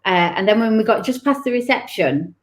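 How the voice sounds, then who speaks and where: A woman's voice: fairly high pitch, animated, a little fast. A woman telling her own story as an interview guest. She speaks candidly and with emotion, acting out the things people said to her. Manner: candid, emotional, acts out remembered dialogue. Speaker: guest author.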